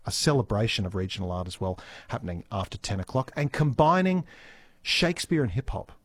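A man's voice: lowish voice, sing-song, brisk. An Australian man hosting a regional radio morning show, talking casually with lots of fillers and restarts, reading out listener texts. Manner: chatty, stumbling restarts and fillers. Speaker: radio host. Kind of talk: live radio chat and links. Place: radio studio. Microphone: studio microphone.

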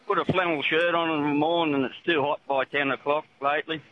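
On a dull, faintly hissing phone line, an Australian caller rings a radio show, talking quickly with a steady tone in a voice on the high side. He's laconic and plain-spoken and calls everyone mate.

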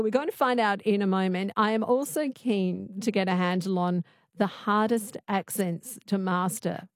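An Australian woman hosting late-night radio talk from a studio, chatty and inviting listeners in. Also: medium pitch. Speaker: radio host.

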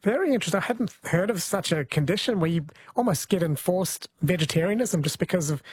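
A host chatting casually and asking a guest questions in a relaxed way. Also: mid-range voice, fairly quick, a little hiss or hum. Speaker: radio host. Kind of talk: casual interview chat.

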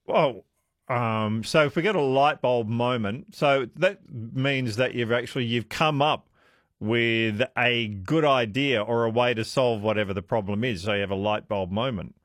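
A man's voice: mid-range voice, normal speed, fairly bright tone, no room sound, clean studio sound. A man hosting talkback radio, chatty and musing questions aloud to listeners. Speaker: radio host.

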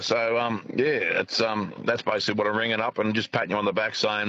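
A man's voice: lowish voice, steady tone, fast talker, few pauses, sharp tone, dry recording. An Australian man calling a radio show from his car, speaking earnestly and hesitantly with many fillers. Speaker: caller. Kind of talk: talkback radio phone call. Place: driving in a car. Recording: muffled phone line.

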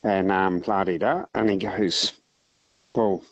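An Australian man calling in to a radio show, telling a long joke in a relaxed, rambling way. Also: sits low, takes it slowly, dry recording, lo-fi sound. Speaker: caller.

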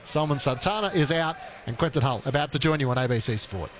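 A man giving brisk, informative live radio cricket commentary. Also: medium pitch, lively intonation, heavy background noise.

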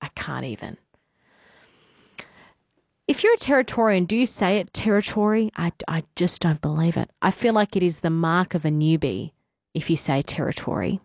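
A woman's voice: fairly low pitch, expressive, fairly quick, a little mellow, dry recording, studio quality. A woman with an Australian accent hosting a radio show, chatty and emphatic, laughing easily. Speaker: radio host. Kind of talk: casual radio chat.

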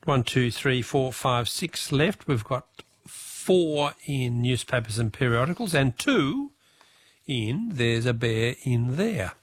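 An Australian man hosting a radio quiz, reading questions and taking callers briskly. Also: mid-range voice, expressive.

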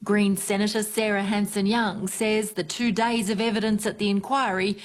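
A woman voicing a news report in a clear, even scripted read. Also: mid-range voice, normal speed.

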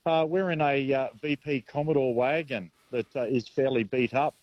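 A man's voice: mid-range voice, steady tone, normal speed, no echo. Hesitant Australian man on a phone line. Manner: hesitant, many fillers and restarts. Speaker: caller reporting from a charity car rally. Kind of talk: casual phone-in chat.

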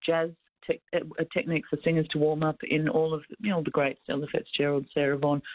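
Female caller, mid-pitched, eager, phone-line sound. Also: little pitch movement, fast, very noisy. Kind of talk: casual radio call.

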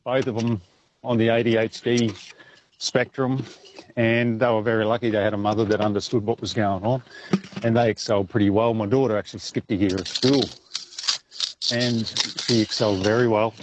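A man's voice: fairly low pitch, little pitch movement, moderate pace, slight background noise, poor audio. A middle-aged Australian man, a truck driver, calling in to radio and telling a story in an easygoing way.

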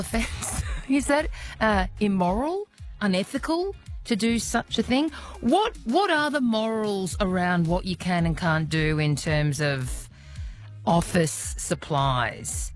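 Chatty Australian woman radio host. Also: fairly low pitch. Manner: chatty, laughs often, quizzing listeners. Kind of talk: evening talkback radio.

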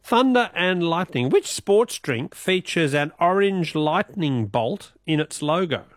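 A man's voice: on the high side, expressive, unhurried, no room sound. Aussie radio quiz guy, laughs a lot, dry studio sound. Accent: Australian. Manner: laughs often, playful teasing. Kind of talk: casual radio talk.

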